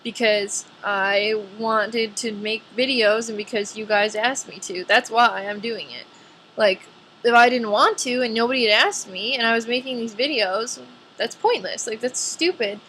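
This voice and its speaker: A woman's voice: on the high side, a little slow, fairly bright tone, a little hiss or hum. A nineteen-year-old woman talking casually to camera in a vlog, chatty and filling her sentences with "like". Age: young adult. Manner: chatty, says "like" a lot. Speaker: vlogger.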